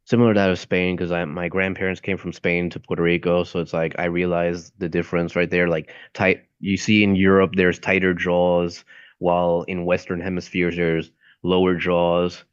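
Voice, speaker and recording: Low-voiced young man on a dull mic. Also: monotone, normal speed, smooth, no room sound. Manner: rambling, searching for words. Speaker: aspiring voice actor. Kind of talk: casual stream chat.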